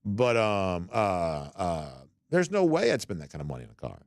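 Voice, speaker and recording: A man's voice: low voice, sing-song, moderate pace, dry recording, studio quality. A man hosting a sports talk show, chatting loosely with many fillers and restarts as he reads out listener comments. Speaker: podcast host.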